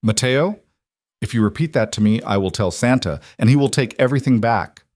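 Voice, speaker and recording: A calm mother warns her son without turning around, voiced by a man. She speaks level and matter-of-fact. The sound is close and dry. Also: medium pitch, brisk, no echo, close to an everyday voice. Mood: deadpan.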